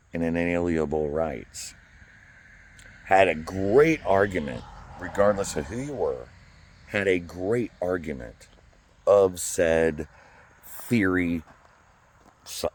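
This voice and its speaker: A man with an extremely low, deep, darkish voice records a personal vlog monologue outdoors by a flagpole, with a dry sound. He speaks earnestly but haltingly, tripping over repeated words.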